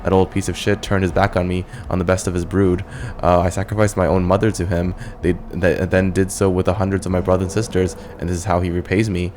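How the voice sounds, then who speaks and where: A man's voice: low voice, little pitch movement, fast talker, a little mellow, slight background noise, close to an everyday voice. A man reading as a bitter ghost woman. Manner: resentful, read aloud plainly. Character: bitter ghost woman, a demon lord's daughter.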